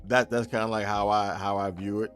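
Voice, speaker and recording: A man's voice: on the low side, level tone, a little fast, fairly bright tone. Male game-dev streamer, casual and joking, faint music underneath. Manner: loose, joking, laughs often, talks to chat. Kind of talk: casual live stream chat.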